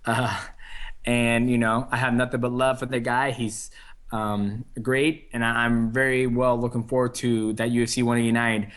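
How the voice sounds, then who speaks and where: A man's voice: mid-range voice, flat delivery, moderate pace, fairly bright tone. A young adult man answering interview questions in an easygoing way, with many fillers and restarts. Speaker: interview guest, fighter. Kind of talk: casual phone interview.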